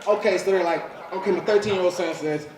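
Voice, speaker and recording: Loud profane man doing stand-up. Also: high voice, fast talker, a crowd in the background. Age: 40s. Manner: profane, loud punchy delivery with frequent "you know what I'm saying". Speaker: stand-up comedian. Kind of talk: live stand-up set. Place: comedy club stage with audience laughing. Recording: roomy live club sound from a distance.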